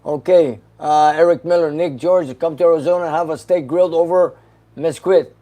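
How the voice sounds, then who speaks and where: A man hosts a casual livestream, working through viewer comments one by one. His voice sits a little high, and he answers each question briefly and with an easy laugh. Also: fairly quick, mellow. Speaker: host reading live chat questions.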